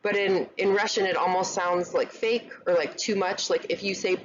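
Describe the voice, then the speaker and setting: A woman teaching an online English grammar lesson, chatty and relaxed, often checking in with "right?". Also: fairly low pitch, normal speed. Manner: casual, many fillers and "right?" checks. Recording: slightly dull lo-fi recording, faint noise.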